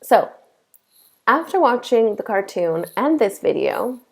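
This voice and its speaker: A woman's voice: on the high side, very animated, vocal fry, husky. A young woman teaching a lesson, explaining step by step and checking in with "okay?" often. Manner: slow, deliberate explaining with frequent "okay?" checks. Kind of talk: classroom lesson.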